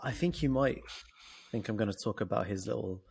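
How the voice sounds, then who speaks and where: Husky, playful man. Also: lowish voice, a little fast, a little mellow. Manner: playful storyteller, teasing reveals. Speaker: podcast co-host. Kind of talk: casual chat.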